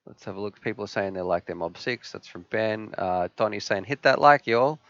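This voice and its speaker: A man's voice: on the low side, steady tone, a little fast, no echo, dull audio. A man hosting a casual live stream, answering viewer questions in an enthusiastic, chatty way.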